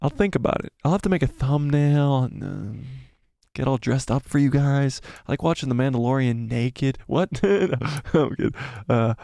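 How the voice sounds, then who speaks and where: A man hosting a casual live stream, giddy and jokey, repeating himself in excitement and losing his voice. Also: medium pitch, normal speed, vocal fry, dry recording, clean studio sound. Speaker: livestream host.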